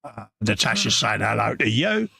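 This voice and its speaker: A man's voice: lowish voice, very animated, normal speed, creaky, bright, forceful tone, slightly rough. A man with a London accent hosting a live stream, reading out chat messages and joking with viewers, calling everyone mate. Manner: jokey, matey, calls everyone mate. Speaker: livestream host reading chat.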